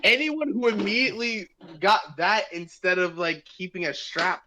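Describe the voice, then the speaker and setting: A man's voice: high voice, lively intonation, normal speed, noisy background. A young man co-hosting a casual chat over voice chat, joking and riffing on words. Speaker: podcast co-host. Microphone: voice chat headset.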